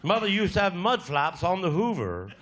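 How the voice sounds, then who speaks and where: A man's voice: high voice, sing-song, normal speed, a bit bright. A man with a Cornish accent doing live stand-up, spinning rambling, earthy stories full of cheeky swearing. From Cornwall. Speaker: stand-up comedian.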